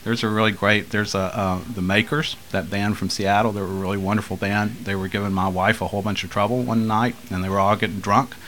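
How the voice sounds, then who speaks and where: A man's voice: fairly low pitch, flat delivery, fast talker, hardly any pauses, fairly bright tone, low-quality recording. A man from Texas talking casually in an interview, rambling and laughing as he tells stories. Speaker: guest musician.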